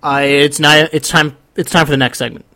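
A man's voice: fairly high pitch, fairly even intonation, fairly quick, bright, forceful tone. A man in a comedy podcast, wry and playful, tossing in mock announcements. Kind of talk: casual comedic chat.

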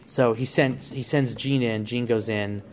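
A man's voice: medium pitch, fairly even intonation, unhurried, slight background noise. A man on a podcast, casually laying out a plot idea in a rambling way. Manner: rambling storyteller, frequent restarts and "like". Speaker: podcast co-host.

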